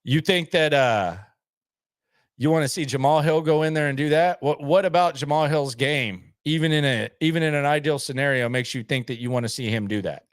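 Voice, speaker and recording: A man's voice: a little high, brisk, no echo, studio quality. A man hosting a sports channel, chatting casually and bluntly, skeptical, often repeating himself as he answers viewer comments.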